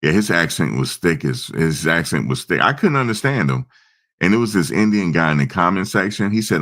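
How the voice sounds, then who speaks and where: A man's voice: low-pitched, big pitch swings, a little fast, a bit bright. A man hosting a casual live stream, rambling and answering viewers' comments. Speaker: livestream host.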